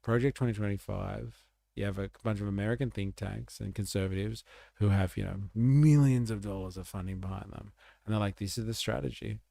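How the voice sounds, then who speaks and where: A man's voice: on the low side, fairly even intonation, fairly quick, vocal fry, warm tone, no room sound, clean studio sound. A man giving casual, sarcastic political commentary on a livestream, rambling and reacting to clips. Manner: live-translates German clips.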